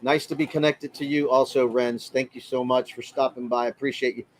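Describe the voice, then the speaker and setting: Guy doing a chill livestream from his rv, friendly, says hi to everyone by name, middle pitch. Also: level tone, brisk, slight background noise. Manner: friendly, chatty, greets viewers by name. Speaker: livestream host. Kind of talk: casual livestream chat reading comments.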